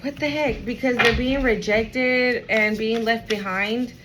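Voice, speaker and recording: A woman's voice: fairly high pitch, steady tone, a little slow, a bit bright, slight background noise, rough recording. A woman giving a casual tarot reading at home, talking in a chatty, slangy way full of fillers. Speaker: tarot reader.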